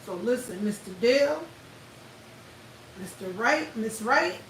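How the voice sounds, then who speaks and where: Woman livestream host; loud, blunt, profane commentary, recorded off-mic with faint hiss. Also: fairly high pitch, slow, reverberant, recorded from a distance, low-quality recording. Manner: loud, animated, blunt and profane, addresses viewers directly.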